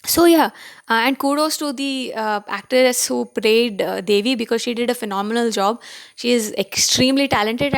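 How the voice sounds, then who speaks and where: Indian-accented woman vlogger, a touch high, chatty and opinionated, lots of fillers. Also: smooth. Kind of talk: casual video commentary.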